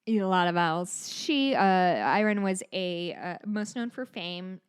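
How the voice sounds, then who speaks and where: A woman's voice: fairly low pitch, animated, a little slow, clean tone. Rambling, chatty woman in her thirties. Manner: rambling and chatty, with swearing and self-deprecating asides. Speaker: podcast co-host. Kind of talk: casual chat.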